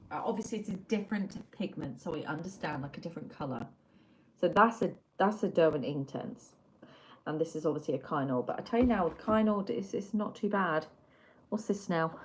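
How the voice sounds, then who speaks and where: A woman's voice: deep voice, slight background noise. A woman from Wiltshire, chatting casually and rambling as she swatches art pencils on a livestream, mocking herself and reading out chat messages. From Wiltshire, England.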